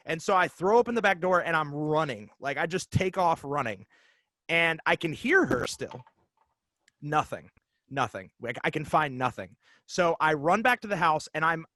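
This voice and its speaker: A man in his forties, a podcast guest, telling a story casually and haltingly with many fillers and restarts. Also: a little high, bright, forceful tone, no echo.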